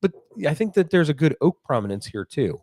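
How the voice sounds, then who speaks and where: A man's voice: on the high side, big pitch swings, brisk, darkish tone. A man co-hosting a spirits tasting podcast, talking in a playful, rambling way. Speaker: podcast co-host. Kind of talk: casual chat.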